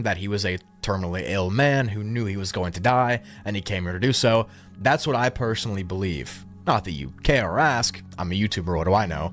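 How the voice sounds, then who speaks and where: A man with a somewhat low voice reads a scripted narration about an unsolved case. He speaks calmly and reflectively, at a measured pace. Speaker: narrator of a true-crime video.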